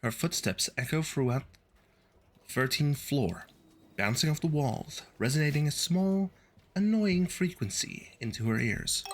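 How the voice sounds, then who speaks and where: A man's voice: mid-range voice, fairly bright tone, slight background noise. Wry man reading game text aloud. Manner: wry, sardonic. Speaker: streamer.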